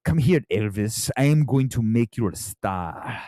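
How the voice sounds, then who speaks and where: A man's voice: medium pitch, animated, a little slow, dark tone, dry recording, clean studio sound, voice pushed down, lightly acted. A man putting on an exaggerated, mocking accent to play a showbiz manager. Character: clumsy mock-accented showbiz manager, male, older.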